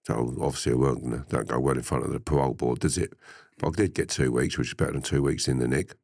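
Very deep-voiced man telling a story. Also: quick pace, breathy edge, no room sound, clean studio sound. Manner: animated storyteller, laughs and swears freely. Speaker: interviewee. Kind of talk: casual storytelling.

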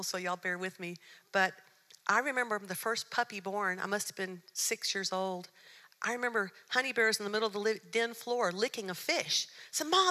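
Middle-aged woman church speaker, storytelling sermon, bright tone, hall echo. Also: mid-range voice. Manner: storytelling, shifts between hushed and excited. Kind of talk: sermon with personal stories. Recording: long hall reverb.

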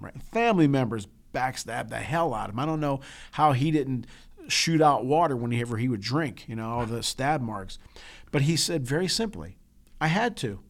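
A man co-hosting a casual chat podcast, telling a heartfelt family story with halting restarts and an emotional edge. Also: mid-range voice, vocal fry. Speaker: podcast co-host.

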